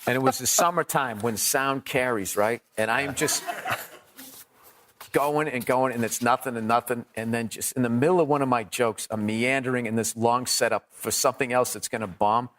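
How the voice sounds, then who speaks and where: A middle-aged comedian telling profane, animated stories in a casual podcast chat, often laughing at his own jokes. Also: mid-range voice, moderate pace. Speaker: comedian guest.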